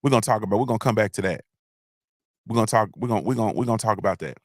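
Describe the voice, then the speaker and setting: A man with a lowish voice races through his livestream, the sound clean, echo-free, and studio quality. As host he rambles loosely, makes slangy asides, repeats himself, and restarts many times.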